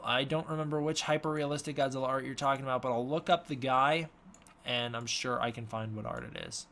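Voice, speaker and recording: Guy on a live stream reading chat questions, offhand and halting, mid pitch. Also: steady tone, fairly bright tone, slight background noise. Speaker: host.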